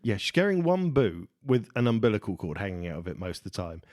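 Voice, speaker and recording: A man's voice: fairly low pitch, big pitch swings, fast, a little mellow. A man co-hosting a podcast, talking through a film in a thoughtful, musing way. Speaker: podcast co-host. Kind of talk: casual film discussion.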